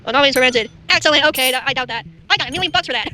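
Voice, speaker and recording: A young woman commenting as she plays a video game, excitable and panicky and full of nervous filler sounds. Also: sits high, very fast. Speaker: gamer playing a video game. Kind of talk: gameplay commentary. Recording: game music playing clearly behind.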